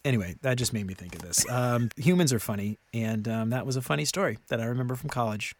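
A man in his thirties co-hosting a podcast in casual chat, animated and rambling, often laughing. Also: medium pitch, quick pace, no room sound. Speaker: podcast co-host.

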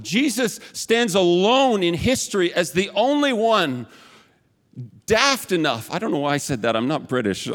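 High-voiced man preaching in reverberant hall. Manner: chatty, with self-mocking asides. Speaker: pastor. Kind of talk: conversational sermon.

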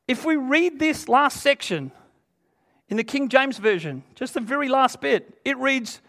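A man with a strikingly high-pitched voice preaches an earnest, emphatic sermon. He retells scripture in plain, everyday words for his congregation. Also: animated, unhurried, gravelly, a bit bright.

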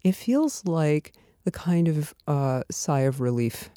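A woman with a mellow, relaxed voice talks in a gentle, soothing way, laughing easily as she chats on a podcast. The sound is dry and close, with no room around it. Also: deep voice, slow, no echo. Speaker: yoga teacher and writer. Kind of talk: casual podcast conversation.

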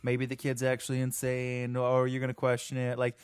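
A man's voice: mid-range voice, monotone, a little fast, clean tone, no echo. Wry man, dry close sound. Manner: wry, sarcastic. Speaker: podcast co-host. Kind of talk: casual chat.

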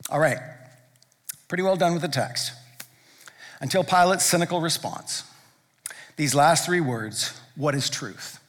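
Man, pastor, high-pitched voice, conversational sermon, emphatic repetition, long church reverb. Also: animated, measured pace, long pauses. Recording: long reverb from a large hall.

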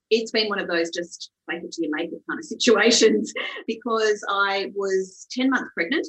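A woman's voice: lowish voice, low-quality recording. A woman, a stylist being interviewed, telling her story in a casual, self-deprecating way. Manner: animated, self-deprecating, plays out dialogue in lively voices.

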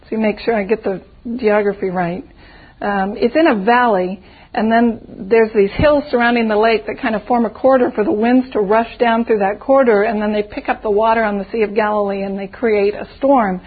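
Husky woman teaching Bible study, phone-quality sound. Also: a little high. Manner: reflective, poses rhetorical questions. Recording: tinny phone-like audio.

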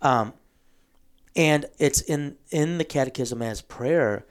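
A man hosting a casual theological discussion, explaining a book at length with frequent ums and throat clearing. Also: medium pitch, slow pace.

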